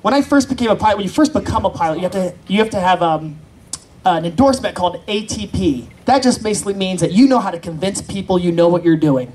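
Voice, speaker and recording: A man's voice: sits high, quick pace, a little mellow, breathy edge. A man doing open-mic stand-up, chatty and self-deprecating, bantering with the crowd. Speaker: stand-up comedian. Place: convention stage in front of an audience.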